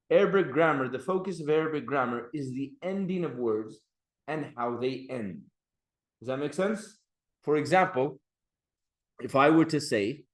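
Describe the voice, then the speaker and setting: A man teaching an Arabic grammar class, patiently explaining and drawing out the endings of Arabic words. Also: on the high side. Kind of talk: classroom lecture.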